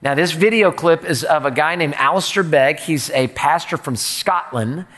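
A man preaches a sermon, driving each point home with a run of rhetorical questions. His voice sits a little high and carries a long reverb from a large hall. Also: normal speed, a bit bright. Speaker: pastor.

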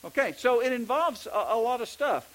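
A man's voice: extremely high pitch, lively intonation, moderate pace, a bit bright, low-quality recording. A middle-aged man with a Texas accent, preaching a sermon in a conversational way with many restarts. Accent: Texan. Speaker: pastor.

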